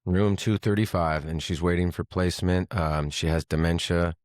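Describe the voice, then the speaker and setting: A man's voice: low voice, fairly even intonation, normal speed, darkish tone, no echo, studio quality. A middle-aged man talking openly and emotionally on a podcast, rambling and acting out others' voices as he goes. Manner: emotional, rambling, mimics his mother. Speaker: podcast co-host. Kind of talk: casual chat.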